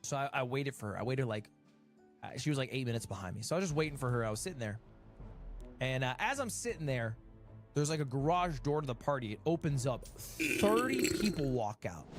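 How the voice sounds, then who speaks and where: A man in his late twenties telling a funny story in a casual streamer way, with wry asides. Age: 20s. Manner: animated, wry storytelling with swings in pitch.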